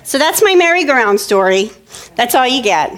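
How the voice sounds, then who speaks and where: A woman giving a talk, telling a childhood story in an animated way and acting out the children's voices. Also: sits high, normal speed. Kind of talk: storytelling presentation.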